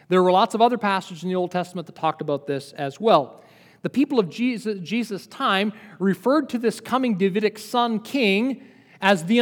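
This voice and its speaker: A man preaching a sermon in a lively, conversational teaching manner, asking his listeners questions. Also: high-pitched, long reverb tail. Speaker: pastor.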